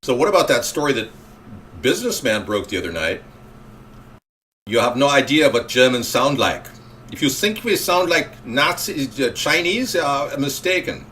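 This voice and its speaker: A man's voice: medium pitch, big pitch swings, normal speed, fairly bright tone. Male talk host, rambling call-in chat, faint hiss behind. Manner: rambling, reacting to callers and chat.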